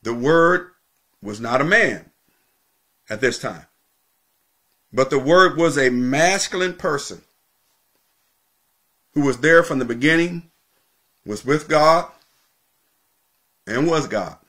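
A man preaches from the pulpit in a steady mid-range voice. He teaches with emphatic repetition, drawing out important words slowly to drive them home. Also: mid-range voice. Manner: emphatic teaching, repeating key phrases, slowing for stress. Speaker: pastor. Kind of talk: sermon.

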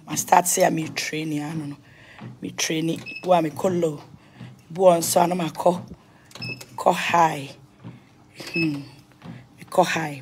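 A woman's voice: deep voice, gravelly, a little hiss or hum. Chatty Ghanaian woman vlogger. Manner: mixes Twi and English, chatty, blesses viewers. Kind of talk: casual home tour vlog.

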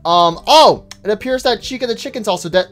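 Brief: energetic male gamer hosting a let's-play, loose and chatty. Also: high voice, brisk, faint music behind. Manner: excitable, frequent yo and um fillers. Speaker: gaming YouTuber. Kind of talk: energetic gameplay commentary.

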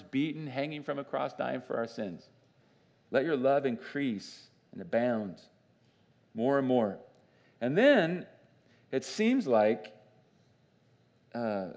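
Male pastor teaching from the pulpit, lively and casual, breaks into laughs now and then. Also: mid-range voice. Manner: animated and conversational, with restarts and laughs. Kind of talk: sermon. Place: church.

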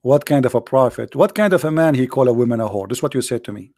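Recorded at studio quality without any room sound, a male debate show host speaks fast in a mid-range, expressive, slightly mellow voice. He argues sarcastically and combatively in broken English during a heated religious debate, often starting his phrases over.

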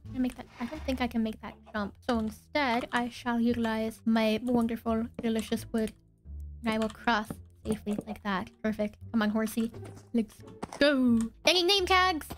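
A young woman giving casual, excitable let's-play commentary, giggling and talking to herself as she plays. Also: on the high side. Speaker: gaming video creator.

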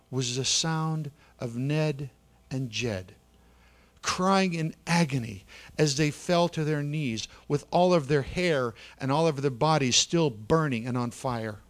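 A man telling a story in a sermon with great drama, swinging from loud, urgent bursts to hushed near-whispers. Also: fairly high pitch. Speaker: pastor. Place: church sanctuary.

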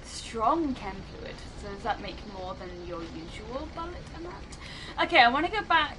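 Jumpy woman, high lively voice. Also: moderate pace, noisy background. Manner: jumpy, swings from muttering to shrieking. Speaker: gaming YouTuber. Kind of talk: horror game let's play commentary.

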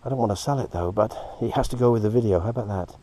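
Excitable man whispering in awe. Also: fairly low pitch, racing, a little hiss or hum. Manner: excitable, gasping, drops to breathy whispers. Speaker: host, moldavite hunter. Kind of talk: casual vlog chat. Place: outdoor quarry.

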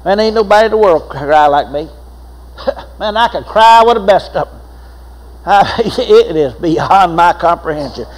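A man's voice: high voice, animated, unhurried, rough recording. An older man, preaching a sermon as pastor, telling folksy stories with laughs and repeated phrases.

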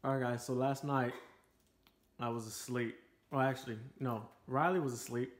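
A man's voice: medium pitch, steady tone, normal speed. A man chatting to the camera, telling a story and acting out the quotes. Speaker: vlogger. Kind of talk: casual storytelling. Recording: echoey room.

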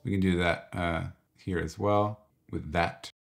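A low-voiced man, presenting a screen-recorded tutorial, guides viewers step by step through music software. He's relaxed and exploratory, thinking aloud while clicking, and speaks a little slowly.

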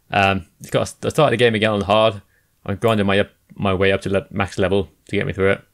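Gravelly low-voiced English man. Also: little pitch movement, fairly quick. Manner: jokey, laughs often, repeats himself. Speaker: podcast co-host. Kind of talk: casual chat.

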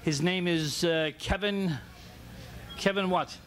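A man hosting a talk show and introducing guests in a rambling, halting way, with many pauses. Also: high-pitched, steady tone, crowd noise.

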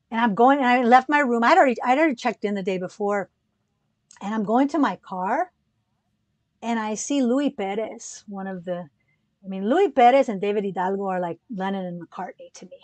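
A woman musician and educator, a podcast guest, telling stories in an animated, chatty way, laughing often and restarting her sentences. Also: medium pitch, dry recording. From United States. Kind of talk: casual storytelling chat.

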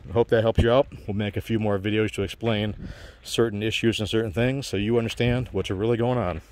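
Low-voiced man rambling through phone advice. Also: fairly even intonation, fairly quick, a little hiss or hum. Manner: rambling, many fillers and restarts, earnest advice. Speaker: channel host giving phone advice. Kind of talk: casual explainer monologue.

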